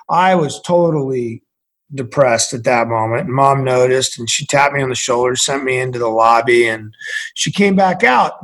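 Husky animated storytelling man. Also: mid-range voice. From central Massachusetts. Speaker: guest. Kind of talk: storytelling conversation.

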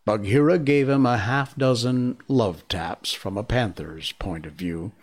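A man narrating a classic storybook in a measured, hushed manner. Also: mid-range voice.

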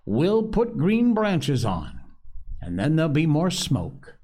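A man's voice: fairly high pitch, wildly swooping pitch, slow pace, mellow, pitched above the performer's own voice, heavily acted. A man reading aloud, voicing an arrogant, domineering boy who talks with contempt and force. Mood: self-assured.

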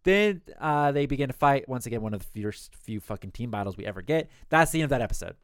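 A man co-hosting a podcast, rapidly retelling a story in casual chat and swearing freely. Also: mid-range voice, lively intonation, dry recording, studio quality. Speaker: podcast co-host recapping an episode.

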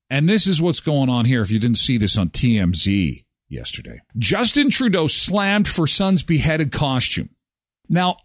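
A man hosts a morning show in a sarcastic, ranting way. His pitch swings up and down a lot, and the sound is dry with no room echo. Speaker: host. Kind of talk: opinionated morning-show talk.

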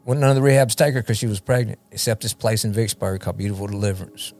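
Low-voiced man telling his story. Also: fast talker, a little mellow, faint music behind. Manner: rambling, repeats words, often asks "you know what I mean?". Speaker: guest, recovery ministry leader. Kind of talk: personal testimony in conversation.

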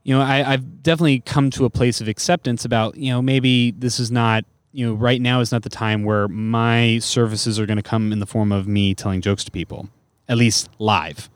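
A man's voice: medium pitch, fairly even intonation, normal speed, dry recording. A man who is a comedian guest on a podcast, talking casually with lots of fillers and restarts. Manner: rambling, many fillers.

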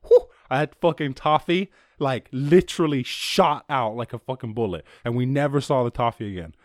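A young Irish man hosting a casual solo podcast, rambling and swearing freely, acting out quotes in a higher voice. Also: normal speed, no room sound, clean studio sound. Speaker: podcast host.

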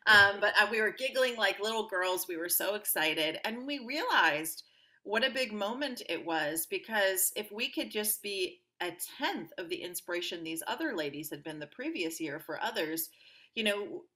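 A woman guest on an interview podcast, telling personal stories in an upbeat, animated way and acting out the voices of people she quotes. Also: medium pitch, normal speed. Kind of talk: conversational interview storytelling.

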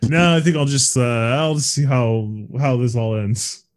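A man's voice: medium pitch, measured pace. A man co-hosting a casual podcast, making dry, teasing remarks. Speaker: podcast co-host.

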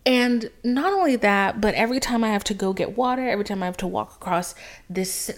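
Dramatic young woman podcaster. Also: mid-range voice. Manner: dramatic, swinging between loud outbursts and hushed whispers; swears freely. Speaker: podcast host. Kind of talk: casual storytelling monologue.

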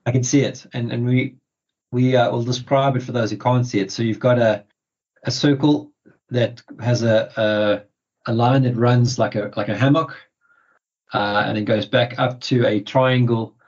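A man's voice: mid-range voice, fairly even intonation, normal speed, darkish tone. A man hosting a podcast interview, talking casually and hesitantly with many ums and restarts. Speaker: podcast host. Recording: muffled lo-fi audio.

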